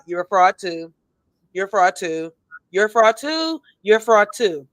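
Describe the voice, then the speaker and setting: A woman's voice: mid-range voice, expressive, measured pace, no echo. A woman co-hosting a casual gossip show, talking bluntly and sassily, with emphatic repeats and a tipsy edge. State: tipsy, has been drinking. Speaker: co-host.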